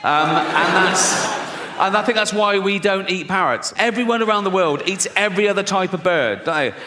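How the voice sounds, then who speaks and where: A man's voice: high-pitched, normal speed, noisy background. Male comic, profane and mocking, live on a theatre stage with a long echo. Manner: profane, mocking, laughs at his own jokes. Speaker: stand-up comedian. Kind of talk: stand-up routine. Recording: live hall with loud crowd laughter.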